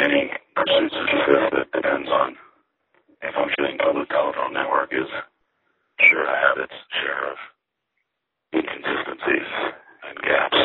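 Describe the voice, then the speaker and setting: A man's voice: a bass voice, creaky, breathy edge. A man calling in from a public payphone, rambling wryly in a casual spoken diary as a payphone hobbyist. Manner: wry, meandering, self-correcting. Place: public payphone near a station. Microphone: payphone handset. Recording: tinny payphone line.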